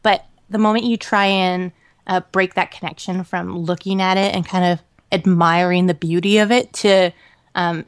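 A woman co-hosting a podcast in casual chat, talking in an animated, rambling way with lots of fillers and laughter. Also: mid-range voice. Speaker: podcast co-host.

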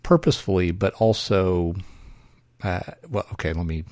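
A man's voice: low-pitched, animated, normal speed, darkish tone, no room sound. A man hosting a solo podcast, thinking aloud in a wry, self-correcting way. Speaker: podcast host.

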